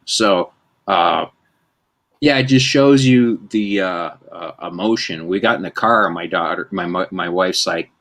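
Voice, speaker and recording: A man's voice: low-pitched, unhurried, a bit bright. A man in his fifties, hosting a casual chat and telling rambling, self-mocking stories. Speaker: host.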